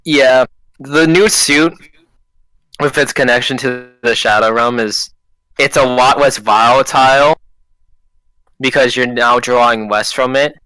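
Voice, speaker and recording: A man narrating a tabletop game as game master, his voice bright and forceful. He rambles along in a relaxed way, recorded dry and close on the mic. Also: medium pitch, a little slow, pauses often, clear, resonant tone, no room sound, poor audio.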